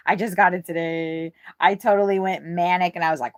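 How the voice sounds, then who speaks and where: A woman chatting casually on a livestream from inside her RV, frazzled and swearing often, talking in quick, scattered bursts. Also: on the low side, very animated.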